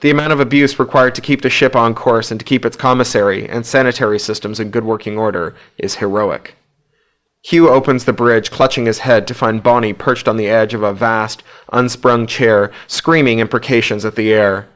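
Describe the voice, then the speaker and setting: A man narrating an audiobook in a steady, low-key storytelling voice. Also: moderate pace. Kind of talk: scripted narration.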